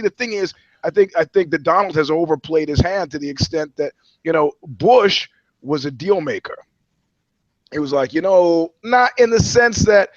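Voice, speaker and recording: A man's voice: sits high, no echo, highs cut off. A man who works as a journalist, co-hosting a podcast chat and telling stories bluntly and with plenty of swearing. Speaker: journalist and co-host.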